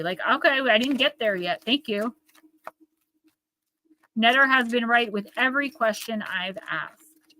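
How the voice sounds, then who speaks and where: A woman's voice: a little high, a little slow, long pauses, bright, forceful tone. A woman with a Northern New Jersey accent, chatting and rambling to her viewers as she hosts a live oracle card reading.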